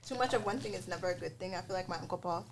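A woman with a mid-pitched voice, giving calm, easygoing advice on a casual podcast. Faint background noise sits under her voice. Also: rapid-fire.

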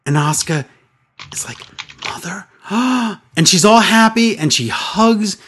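A man co-hosting a podcast, chatting casually and retelling scenes with excitable voice changes. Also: high-pitched, normal speed, a little hiss or hum. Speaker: podcast co-host. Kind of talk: casual podcast chat recapping wrestling.

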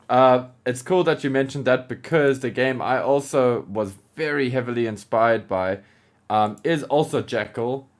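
A man co-hosting a podcast in casual chat, animated and laughing, with lots of filler words. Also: medium pitch. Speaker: podcast co-host.

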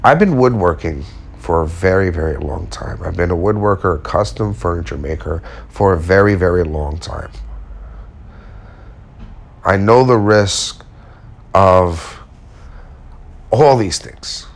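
A man's voice: low-pitched, animated, a little slow, pauses often. A man who works as a custom furniture maker, giving a blunt, slangy motivational talk and swearing casually as he goes.

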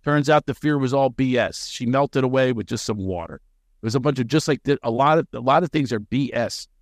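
A man who works as a comedian, a guest on a podcast, telling stories with energy and jumping into quick character voices. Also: medium pitch, no room sound, clean studio sound. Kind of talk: animated podcast storytelling.

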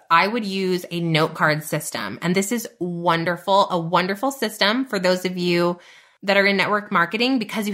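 A woman's voice: lowish voice, a bit bright. A woman hosting her podcast in a bubbly, chatty way, full of y'all and like. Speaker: podcast host. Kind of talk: upbeat podcast monologue.

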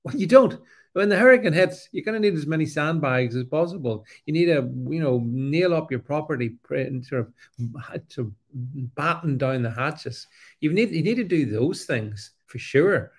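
A man giving a casual opinion monologue, halting and repeating himself, with a sarcastic edge. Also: on the high side, expressive, husky. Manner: halting, many fillers and restarts, sarcastic. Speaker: political commentator.

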